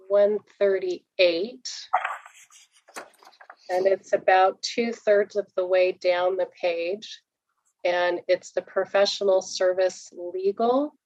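Woman, budget presenter, board meeting, brisk, explanatory, dull lo-fi sound. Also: on the low side, darkish tone, no room sound. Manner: brisk and explanatory, with frequent fillers. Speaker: finance staff presenting budget report.

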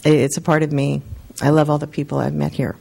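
A woman's voice: deep voice, level tone, brisk, creaky, mellow. Emotional woman mayor giving a farewell speech. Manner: heartfelt, earnest, close to tears. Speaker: outgoing mayor. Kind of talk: farewell speech at a council meeting. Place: city council chamber.

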